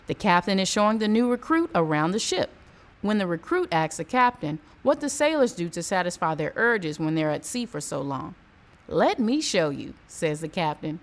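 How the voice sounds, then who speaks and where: A woman hosting a show, reading listener jokes and reacting loudly to the punchlines. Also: mid-range voice. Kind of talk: casual joke reading.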